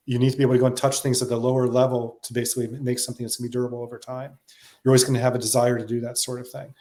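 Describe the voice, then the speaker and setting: Man, interview guest, brisk talker, reflective, filler-heavy casual chat. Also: medium pitch, little pitch movement, warm tone. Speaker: guest, software consultant.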